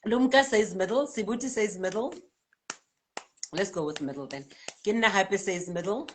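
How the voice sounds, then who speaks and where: A South African woman hosting a live spiritual card-reading stream, reading out viewers' comments in a lively, chatty way and laughing often. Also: mid-range voice, moderate pace, slight background noise. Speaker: spiritual healer and card reader.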